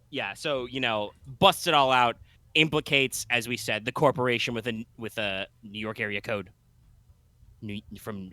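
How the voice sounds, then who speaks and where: Bright-voiced rambling game master. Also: male voice, medium pitch, dry recording. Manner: rambling, full of fillers and restarts. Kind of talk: narrating a tabletop game.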